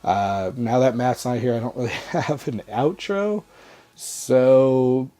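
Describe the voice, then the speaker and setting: A man's voice: mid-range voice, slow, mellow. A young man with a stuffy, congested nose from a cold, giving a loose, rambling movie review with lots of "uh" fillers. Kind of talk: casual spoken movie review.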